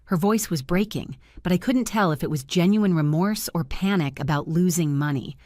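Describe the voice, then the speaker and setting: An older woman narrating her own story in the first person, calm and firm. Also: lowish voice, moderate pace, dry recording, studio quality.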